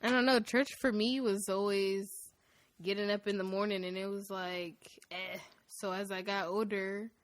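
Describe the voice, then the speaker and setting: A woman's voice: mid-range voice, steady tone, normal speed. A woman co-hosting a podcast in casual chat, blunt and emphatic, swearing freely. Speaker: podcast co-host. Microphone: shared mic.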